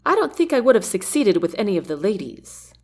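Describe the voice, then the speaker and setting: A man's voice: high-pitched, sing-song, brisk, exaggerated voice. A woman voicing a dry, teasing young male soldier who is recovering from wounds, in an audiobook. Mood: wry.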